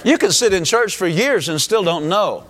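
A man's voice: sits high, animated, normal speed, fairly bright tone. A man from the United States preaching a sermon as pastor, emphatic, with rising exclamations.

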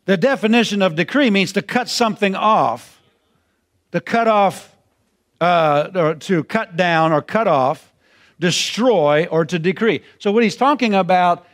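A man preaching a sermon in a folksy, repetitive way that climbs into shouted emphasis. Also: high-pitched, expressive, unhurried.

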